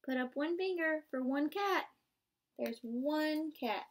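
High-voiced young student teacher, slow and encouraging picture-book read-aloud for small kids. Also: female voice, animated. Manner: interactive and encouraging, asks children to join in; gasps and plays up surprises.

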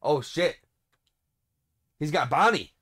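A man's voice: fairly high pitch, animated, slow, pushed and bright, breathy edge. A man playing a video game and reading it aloud, reacting with shocked, swearing commentary. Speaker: let's play gamer.

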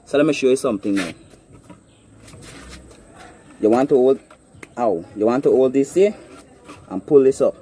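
A man's voice: medium pitch, fairly quick, mellow, husky. A man with a Guyanese accent, filming himself on a phone outdoors and explaining a trap step by step, often checking that viewers understand. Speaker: hunting vlogger. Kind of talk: casual outdoor demonstration. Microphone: phone camera.

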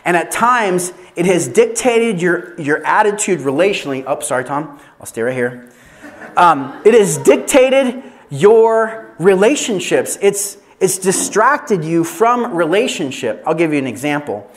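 Man, pastor, high voice, animated sermon, storytelling, self-deprecating. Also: a little slow. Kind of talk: sermon at an evangelism training.

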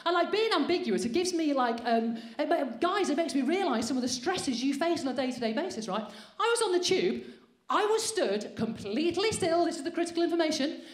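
A woman's voice: high-pitched, animated, fairly quick. A woman doing a brash, sweary, self-mocking stand-up set on a comedy club stage. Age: 40s. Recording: roomy live venue sound.

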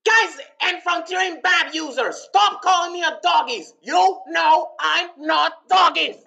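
Brief: shrill, bright, rasping toy train put on by a fan dubber, fed up and loud. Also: unhurried, muffled recording, heavily acted. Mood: annoyed shouting.

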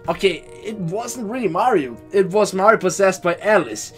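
A young man commentates a horror game as a let's play host, reading lines aloud and reacting loudly when scared. His pitch swings widely from muttered asides to excited yells. Faint music plays underneath. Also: normal speed, few pauses. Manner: animated, shouts and swears when scared. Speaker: gaming YouTuber.

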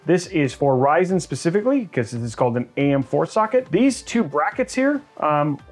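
A man hosting a hands-on tutorial, explaining each step in an energetic, chatty way with fillers and quick asides. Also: on the high side, faint music behind. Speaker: tech channel host.

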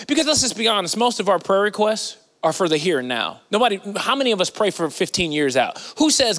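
A man's voice: sits high, very animated, fast, few pauses, fairly bright tone, long reverb tail. A man preaching a sermon in a conversational, playful way with slangy asides, recorded in a church sanctuary.

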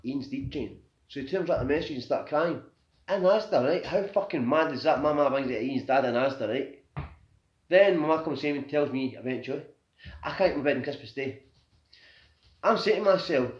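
A Scottish vlogger in his thirties, with a slightly high voice, tells a painful personal story, raw, grieving, and agitated, swearing often and ending nearly every sentence with "right?" He records on a phone in an echoey room, so the audio is dull and lo-fi.

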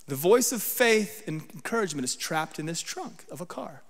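Guy preaching to a church crowd, kinda high voice, keeps asking right?, echo trails off in a big hall. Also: lively intonation, moderate pace. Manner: conversational preaching, checks in with the crowd. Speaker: guest preacher. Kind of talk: sermon. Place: church sanctuary.

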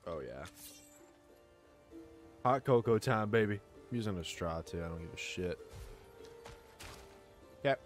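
A young man livestreaming a game, chatting casually with his viewers, excitable and swearing freely. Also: lowish voice, a little slow, pauses often, soft background music. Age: young adult. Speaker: gaming livestreamer. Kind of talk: casual live-stream chat.

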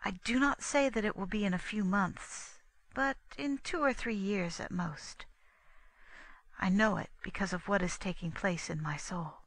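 A woman voicing a gentle, devout young nun in an audiobook, speaking softly and slowly with reverence. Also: medium pitch, no room sound, low-quality recording. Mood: serene. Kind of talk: audiobook reading.

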